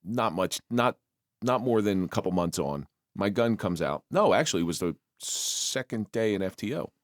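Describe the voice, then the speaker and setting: A man hosting a podcast, a former police officer, talking casually and reflectively with halting restarts. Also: lowish voice, animated, no room sound, clean studio sound. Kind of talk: casual interview chat. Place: podcast studio.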